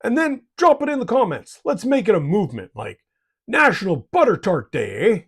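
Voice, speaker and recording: A man hosting a hobby channel talks through tips in a folksy, joking way, his pitch rising and falling a lot. His voice has a slightly husky, rough edge. The talk is scripted but relaxed. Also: normal speed. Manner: jokey and folksy, tags lines with "eh". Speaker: miniature painting channel host.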